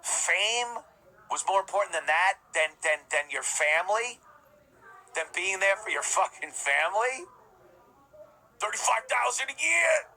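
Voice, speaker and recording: A man's voice: high voice, sing-song, a little slow, pauses often, pushed and bright, rough recording. A man ranting scornfully in profane, mocking commentary as a podcast host.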